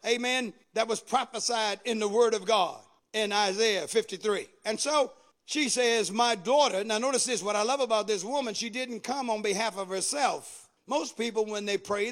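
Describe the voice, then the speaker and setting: A man preaching a fervent sermon, calling to the congregation and rising into shouts. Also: high voice.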